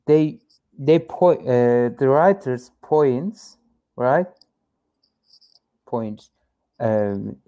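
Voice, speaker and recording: A man's voice: medium pitch, warm tone. A man learning English in a one-on-one lesson, reading example sentences and searching hesitantly for words. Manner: hesitant, halting, many fillers while searching for words.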